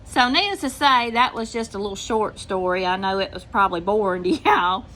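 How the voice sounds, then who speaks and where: An older woman from Mississippi, her Southern drawl brisk and a bit bright at a medium pitch, chats with her channel's viewers through a long story, acting out what people said. A little hiss or hum sits under the recording.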